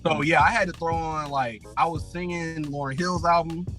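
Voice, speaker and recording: A man's voice: a little high, steady tone, moderate pace, sharp tone, faint music behind. Chatty, filler-heavy male podcast co-host. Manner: chatty, full of fillers like "like" and "man". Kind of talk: casual chat.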